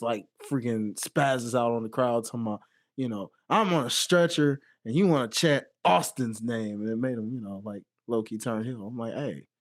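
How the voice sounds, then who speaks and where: A man co-hosting a podcast in casual chat, animated and quick to laugh, his voice trailing off low at the ends of phrases. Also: no echo, clean studio sound. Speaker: podcast co-host.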